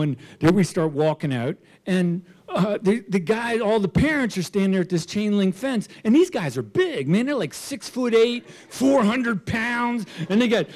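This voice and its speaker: An older man in his sixties tells a funny personal story to a live crowd. His voice sits fairly high for a man and swoops up and down with real animation. He pokes fun at himself and chuckles as he goes. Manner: animated, self-mocking, chuckling. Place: stage at a storytelling show.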